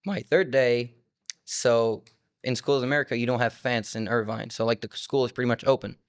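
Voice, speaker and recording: Young man, twenties, from France, French native speaker, musician guest, rambling casual talk, mid pitch, dry close sound. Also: a little fast, no room sound. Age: 20s. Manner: loose, rambling storytelling with many "like" fillers. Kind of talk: casual interview chat.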